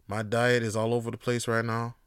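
A man's smooth, resonant voice in a dry, close recording. He rambles through a casual solo podcast, swearing freely and leaning on filler words. When something gets him going, he turns loud and animated. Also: mid-range voice, fairly quick, dry recording. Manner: loose, rambling and profane, with lots of fillers. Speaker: podcast host.

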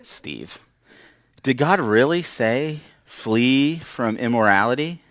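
A man's voice: mid-range voice, lively intonation, moderate pace, a bit bright, no echo. A man preaching a conversational sermon, acting out quoted voices with wry humor. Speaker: pastor. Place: church.

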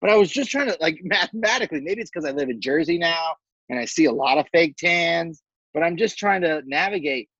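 Male podcast co-host, slightly high voice, easygoing slangy chat, dry dull recording. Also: lively intonation, fairly quick, fairly bright tone, husky, no room sound. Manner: laid-back, slangy, frequent fillers. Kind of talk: casual reality TV recap chat.

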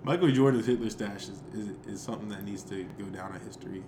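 A man's voice: fairly low pitch, fast talker, noisy background. A young man co-hosting a podcast, joking and rambling with stammered restarts. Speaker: podcast co-host. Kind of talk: casual chat.

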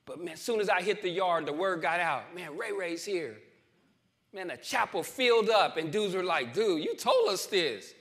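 Bright high-voiced man preaching testimony. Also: lively intonation, moderate pace. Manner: call-and-response preaching, emphatic repetition, swells louder to the crowd. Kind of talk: testimony sermon. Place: church.

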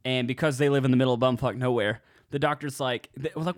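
A man's voice: medium pitch, fairly even intonation, fast talker. A young man co-hosting a podcast, telling loose, profane comedic stories and laughing often. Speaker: podcast co-host. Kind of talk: casual comedic storytelling. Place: home podcast setup, drinking during the show.

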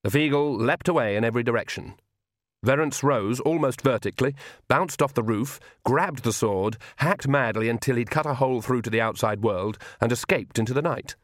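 A man's voice: medium pitch, no echo. Man narrating, dry close sound. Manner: even, measured storytelling. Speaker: audiobook narrator. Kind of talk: scripted narration.

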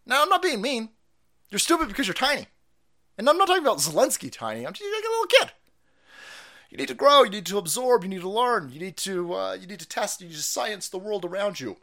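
A high-pitched man streams loud, foul-mouthed ranting commentary. He laughs and swings between muttering and yelling.

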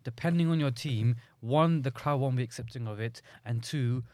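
A man's voice: medium pitch, moderate pace, darkish tone, no room sound. A man co-hosting a football podcast, telling match moments in casual chat. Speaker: podcast co-host.

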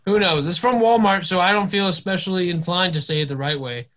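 A man's voice: high-pitched, fairly quick, hardly any pauses, fairly bright tone. A young man co-hosting a casual podcast, joking and swearing freely as he leads the chat. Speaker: podcast co-host.

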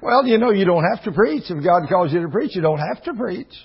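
A man's voice: sits high, animated, a little fast, gravelly, muffled recording, slight background noise. A man preaching a folksy sermon, telling stories and acting out the dialogue in shifting voices. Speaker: pastor.

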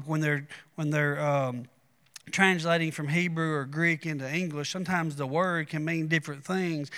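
A man's voice: a little high, fairly bright tone, long reverb tail. A man, preaching a sermon in a folksy, conversational way with asides to the congregation. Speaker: pastor.

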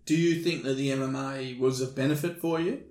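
A laid-back man hosts a casual podcast chat, trading questions and stories in an easygoing way. His pitch sits in an ordinary middle range. An echoey room surrounds the voice. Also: fairly even intonation, a little fast, a little mellow. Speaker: podcast host. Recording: roomy echo.

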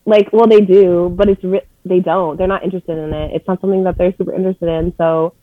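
A young woman in casual chat, talking fast with lots of fillers, blunt and swearing freely. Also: fairly low pitch, steady tone, no echo, narrow, tinny audio.

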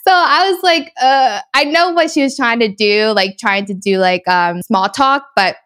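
A young woman speaks in a fairly high voice as she tells a story in casual chat. She pads her talk with many fillers, and her lines keep rising in pitch. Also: moderate pace, fairly bright tone, clean tone. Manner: chatty storyteller, many fillers, frequent laughs.

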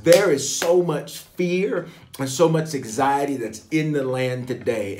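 A man hosting a livestream prayer hour, calling out to viewers with lively call-and-response. His voice sits at an ordinary middle pitch. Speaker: pastor leading online prayer.

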